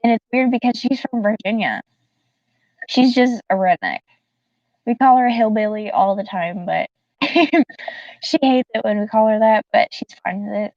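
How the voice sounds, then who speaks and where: A woman's voice: medium pitch, moderate pace, darkish tone, no room sound. Chatty giggly woman streamer from the south, greeting chat, dull dry mic a bit far off. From Southern United States. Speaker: livestreamer. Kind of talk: casual live-stream chat.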